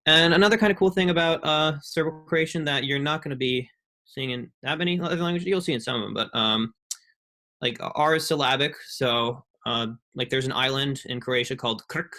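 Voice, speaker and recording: Young male student presenter, bright voice, halting, filler-heavy delivery. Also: mid-range voice. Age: young adult. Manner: halting, many ums and restarts. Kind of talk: casual online presentation.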